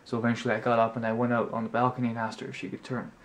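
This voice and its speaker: A man's voice: monotone, rapid-fire, a little hiss or hum. A young man telling a story to his camera from his apartment, chatty and exasperated, rambling through the details. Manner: chatty, rambling, exasperated, mimics others in a high voice. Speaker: vlogger. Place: apartment room at night. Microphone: camera mic.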